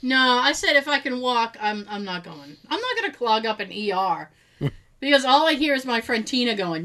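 A woman co-hosting a podcast in casual chat, telling stories in an animated way, swearing freely and laughing often. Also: on the high side, moderate pace. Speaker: podcast co-host.

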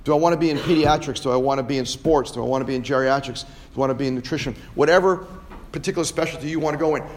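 A man's voice: medium pitch, very fast, slight background noise. A man hosting a podcast, giving an emphatic motivational talk to students and ending many phrases with "right?". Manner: emphatic, repeats "right?" often. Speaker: podcast host and chiropractor.

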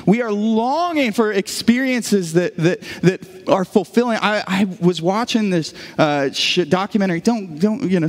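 Preaching in a church auditorium, the pastor has a high-pitched voice carried by big-room sound. His sermon unfolds as animated stories marked by frequent restarts.

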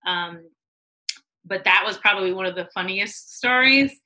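Bright-voiced woman telling stories. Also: medium pitch, moderate pace, poor audio. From United States. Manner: animated, acts out quoted voices, laughs often. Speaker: guest, music executive. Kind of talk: casual interview storytelling.

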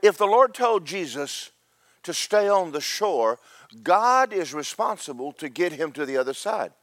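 A man's voice: on the high side, very animated, unhurried, fairly bright tone, dry recording. A man preaching a sermon, telling Bible stories in a folksy, joking way with voices for the characters. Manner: folksy storytelling with comic voices.

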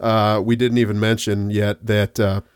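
A man's voice: lowish voice, little pitch movement, moderate pace, clear, resonant tone, dry recording, clean studio sound. A man co-hosting a podcast, chatting casually and joking while recapping a movie. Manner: laid-back, joking, says "dude" and "man". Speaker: podcast co-host.

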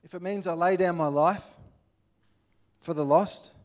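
Casting: Australian male preacher, plainspoken and earnest, voice slightly high. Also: steady tone, a little slow. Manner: earnest, plainspoken, acts out little scenes. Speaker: pastor. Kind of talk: sermon.

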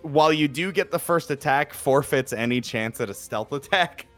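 A man's voice: fairly high pitch, moderate pace, fairly bright tone, soft background music. A man with a New Jersey accent running a tabletop game as game master, chatty and laughing, with lots of fillers.

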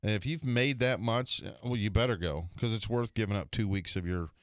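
A man on a radio golf show spinning a story, lively and acting out the voices of the people in it. His voice sits a little low, and the studio sound is dry and close. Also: brisk, no echo. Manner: animated storyteller doing character voices. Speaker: golf radio show regular, tour pro. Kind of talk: casual storytelling chat.

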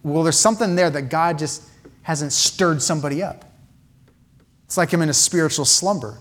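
A man's voice: a little high, moderate pace, a bit bright. A man preaching a sermon in a church, impassioned, with repeated phrases and many restarts. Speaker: pastor.

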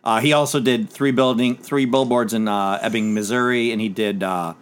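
A man's voice: mid-range voice, fairly even intonation, normal speed, smooth. A man hosting a casual movie podcast, rambling and retelling scenes in quoted lines. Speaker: podcast host.

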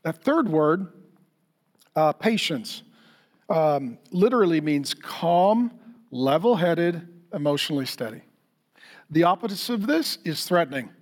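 A middle-aged male pastor with a notably high voice delivers a sermon. He tells animated, funny stories and keeps turning to the congregation with direct questions. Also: a little slow, long pauses. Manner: lively storytelling, acts out quotes for humor.

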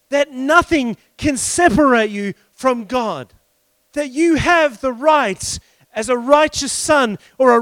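A man preaching a sermon with passion, breaking into shouts and slowing down to stress key phrases. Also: very high voice, dry recording. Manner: impassioned preaching with sudden shouts and slow emphatic phrases. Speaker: pastor.

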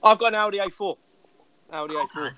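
A man's voice: high voice, brisk, bright, forceful tone, slight background noise. A British man chatting crudely in a casual panel, rambling with many fillers. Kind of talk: casual group banter.

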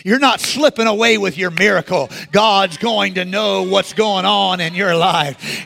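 A man preaching a sermon in a conversational way, rising to shouts and acting out the people in the story. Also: high voice, unhurried, vocal fry, few pauses. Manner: acts out quoted characters in the story. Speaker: pastor.

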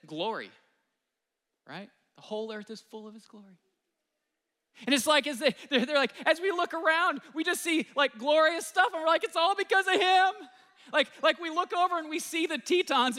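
Animated preaching man in a reverberant hall. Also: extremely high pitch. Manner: animated, conversational preaching with many fillers. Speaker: pastor. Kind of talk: sermon.

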